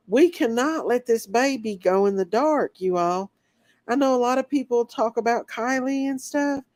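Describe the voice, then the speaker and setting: A woman's voice: a little high, darkish tone, no room sound. A woman hosting a casual livestream, sick and recovering, greeting viewers by name. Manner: greets viewers by name one after another. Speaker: livestream host.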